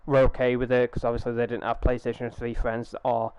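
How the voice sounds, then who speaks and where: A man's voice: mid-range voice, monotone, brisk, a little mellow, clear, resonant tone, dry recording. Rambling young man streaming, dry lo-fi sound. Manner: rambling, swears freely, restarts sentences. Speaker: gaming streamer. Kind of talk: casual live-stream chat. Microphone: gaming headset.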